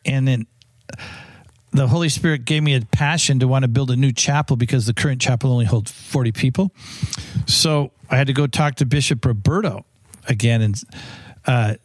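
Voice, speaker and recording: Rambling storytelling priest, dry close sound. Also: male voice, medium pitch, moderate pace, no room sound. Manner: rambling anecdotes with many restarts. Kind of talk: storytelling interview answers.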